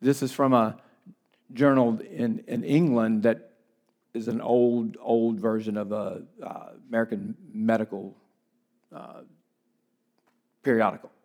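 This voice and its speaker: A man preaching a sermon as pastor, emphatic, repeating key phrases for weight and dropping into conversational asides with quick restarts. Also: mid-range voice, little pitch movement, darkish tone.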